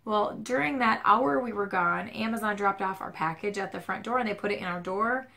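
A woman's voice: mid-range voice, brisk, creaky, pushed and bright. A Midwestern American woman vlogging from home, rambling and self-deprecating, her voice strained and stuffed up. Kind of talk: casual chatty vlog. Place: home at night, dim lighting. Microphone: camera mic, handheld shaky camera.

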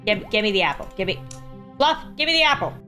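A woman giving casual, animated gameplay commentary on her own game, mock-nervous and self-deprecating. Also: medium pitch, fast, soft background music.

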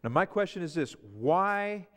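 Pastor, man, slightly high voice, animated sermon delivery, church reverb. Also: a little slow. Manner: animated storyteller, acts out the disciples' panic. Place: church sanctuary.

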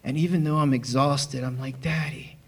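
A man telling a personal testimony in a chapel, excited and laughing often as he acts out the people in his story. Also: mid-range voice, normal speed. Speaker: church member giving testimony.

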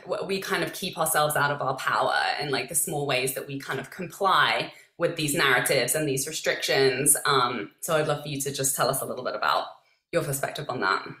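A woman's voice: rumbling low, brisk, pushed and bright. A woman hosting a podcast, thinking aloud reflectively in casual conversation. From United Kingdom. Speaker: podcast host. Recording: echoey room.

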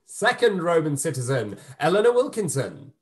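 Effusive high-voiced male host. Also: wildly swooping pitch, moderate pace. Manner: effusive, upbeat compère. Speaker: host and director. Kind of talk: live online show wrap-up. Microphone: video call.

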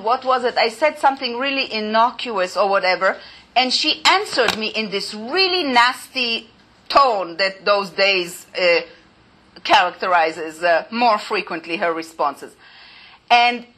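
A woman's voice: a little high, sharp tone, slight background noise, rough recording. A middle-aged woman giving an informal lecture, explaining in a conversational way with acted-out examples.

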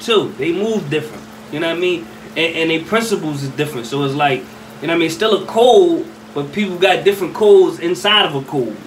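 Rambling high-voiced young man from Philly. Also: fairly bright tone. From Philadelphia. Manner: rambling, constant "you know what I mean", street slang, acts out voices. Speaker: vlogger telling a story. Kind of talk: casual storytelling. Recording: slightly distant mic with faint ambient noise.

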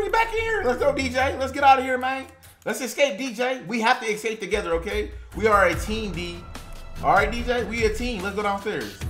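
A fairly high, very lively woman's voice rides all over its range as she calls out a video game. She sounds jumpy and loud, going from frightened yells to easy chatter with her viewers. The room around her is echoey, and clear game music plays behind her. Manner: jumpy and loud, shrieking and yelling when scared, chatting to viewers. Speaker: family YouTuber playing a video game with her child. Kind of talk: excited gameplay commentary.

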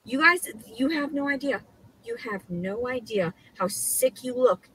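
A woman's voice: a little high, animated, unhurried, fairly bright tone, slight background noise, rough recording. A woman in a heated rant, agitated and stammering, swearing constantly. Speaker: woman filmed in her own posted videos.

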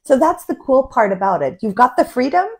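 A woman's voice: high voice, big pitch swings, brisk. A woman spiritual coach giving an enthusiastic, casual talk about self-love and collective energy, often checking in with "right?".

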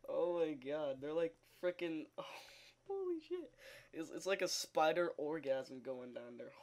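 A man's voice: on the high side, darkish tone. Sex: man. Style: rambling game commentary. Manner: rambling, many fillers and restarts, laughs often. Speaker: gaming video host. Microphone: sound recorder.

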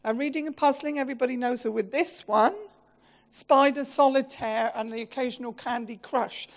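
Animated woman giving a eulogy. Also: sits high, normal speed. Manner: animated, self-mocking storytelling with laughs. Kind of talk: funeral eulogy.

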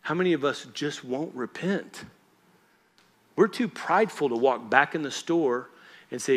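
A man's voice: mid-range voice, measured pace, a bit bright. A man preaching a church sermon, talking to the congregation in a conversational, emphatic way and often checking that they follow. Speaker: pastor.

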